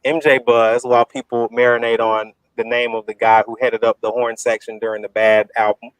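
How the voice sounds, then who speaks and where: A man moderating a casual online debate in an easygoing, halting way, posing questions over a video call. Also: medium pitch, level tone, clear, resonant tone, dry recording, rough recording.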